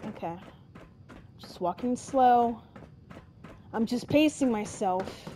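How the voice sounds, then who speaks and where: An exasperated woman talks her way through a video game, cursing and using slang. She speaks slowly in a slightly high voice. A faint background noise runs under her. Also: lively intonation, a little mellow. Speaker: gaming streamer. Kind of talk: casual gameplay commentary.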